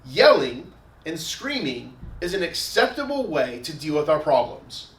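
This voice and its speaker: A man's voice: on the high side, big pitch swings, unhurried, a bit bright, recorded from a distance. A man preaching a sermon as a pastor in a conversational way, walking through everyday examples. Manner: conversational preaching, repeats "again", everyday scenarios. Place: church sanctuary. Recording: echoey room, voice from afar.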